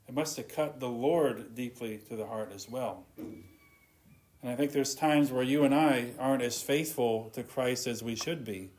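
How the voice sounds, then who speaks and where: Man, pastor, earnest sermon delivery, mid-pitched voice, softens at phrase ends. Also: measured pace.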